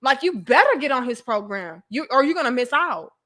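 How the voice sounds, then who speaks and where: Animated bright-voiced woman telling a story. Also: high voice, fairly quick. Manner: animated, profane, talks to herself. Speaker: podcast host. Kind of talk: candid storytelling to viewers.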